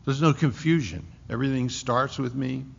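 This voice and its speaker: A pastor's sermon from a man with a gravelly, creaky voice, pressing each point home by repeating it. His words ring through a large church hall with a long reverb. The recording itself sounds dull and lo-fi. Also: medium pitch, moderate pace. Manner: emphatic, repeating key phrases. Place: church sanctuary.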